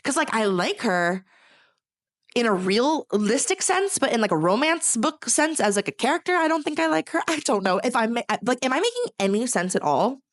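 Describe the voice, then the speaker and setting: A young book reviewer from California chats casually about books she's read, her slightly high voice very animated at a moderate pace. Recorded with no room sound, she rambles with lots of filler words, gushing and ranting dramatically.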